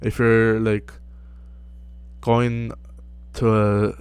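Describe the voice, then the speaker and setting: A young man giving casual self-improvement advice to camera, relaxed and full of fillers, often checking in with "right?". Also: lowish voice, extremely slow, smooth. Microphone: close mic.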